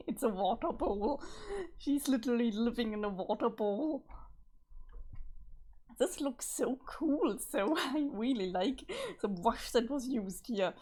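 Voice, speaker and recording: A woman's voice: fairly high pitch, lively intonation, takes it slowly, pauses often, mellow. Chatty woman streamer. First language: German. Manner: chatty, laughing, searching for words. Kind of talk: casual read-along commentary.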